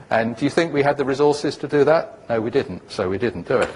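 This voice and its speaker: A man speaks to an audience in a husky voice at an ordinary middle pitch. He tells rambling stories about his startup days, stops often for fillers, and restarts his sentences. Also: lively intonation, brisk, hardly any pauses, a little mellow. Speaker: startup founder giving a talk. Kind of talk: conference talk to an audience.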